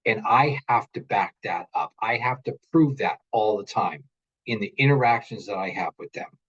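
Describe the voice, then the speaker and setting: A man in his forties, a parent and interview guest, telling stories in an earnest, animated way and often repeating his words. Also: lowish voice, normal speed, husky, lo-fi sound. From United States. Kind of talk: casual interview chat.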